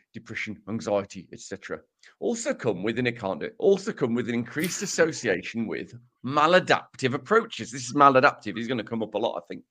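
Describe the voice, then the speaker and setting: A man co-hosting a casual podcast, summing up research with wry, self-mocking jokes. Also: lowish voice. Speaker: podcast co-host presenting research.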